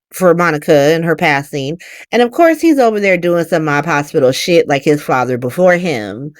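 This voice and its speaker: A woman hosting a casual solo recap, talking with laughter and quick acted-out voices. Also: lowish voice, no room sound, clean studio sound. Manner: animated, laughing, acts out characters in quick voices. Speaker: podcast host recapping a soap opera.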